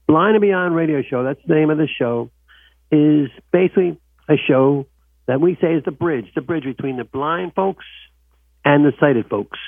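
A man's voice: fairly high pitch, creaky, slightly rough, no room sound, phone-quality sound. A male radio talk show host who urges listeners to call in and repeats the phone number.

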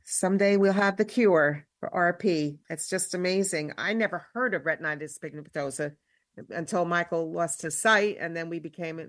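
A woman's voice: fairly low pitch, moderate pace, no room sound, studio quality. A woman hosting a radio talk show, chatting with a guest and signing off. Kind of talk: casual radio interview.

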